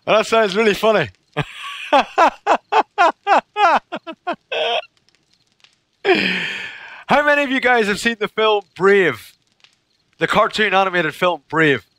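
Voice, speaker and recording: A man chats loosely with his viewers while he plays, breaking into laughter again and again. His voice sits a bit high and swings up and down a lot. The tone is bright and heard close, with no room sound. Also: very animated, very slow, no room sound. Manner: chatty, laughs often. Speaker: game streamer. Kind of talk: casual livestream chat with viewers.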